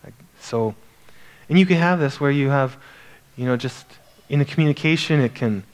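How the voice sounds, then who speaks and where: A man giving informal Bible teaching in a conversational, halting way, often restarting his sentences. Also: mid-range voice.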